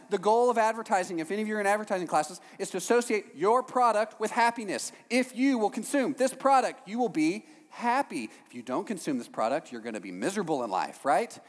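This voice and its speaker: A man preaching a sermon to a congregation, animated, with jokey asides and frequent "right?" checks to the room. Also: sits high. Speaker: pastor. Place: church hall with a congregation. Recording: long hall reverb.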